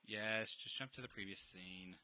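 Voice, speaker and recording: A man streaming a visual novel, reading its text aloud and reacting with excitable, jokey, sometimes sweary comments. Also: on the low side, moderate pace, a little hiss or hum, poor audio.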